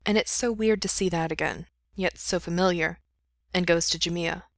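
Low-voiced woman reading a story. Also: moderate pace, no echo. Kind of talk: reading fan fiction aloud.

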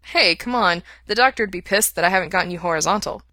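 A woman voicing a friendly, slightly awkward young man with a lively delivery. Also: on the low side, quick pace, no room sound. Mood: upbeat.

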